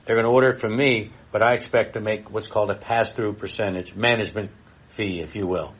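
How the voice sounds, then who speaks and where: Man, middle-aged, lower voice, blunt and folksy, live expo presenter. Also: steady tone, fairly quick, slightly rough. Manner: blunt and folksy, talks straight to the audience.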